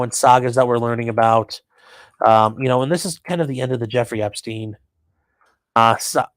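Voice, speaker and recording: A medium-pitched male voice with no room sound. He hosts a casual live stream, reading chat comments and riffing on the news with crude, offhand jokes.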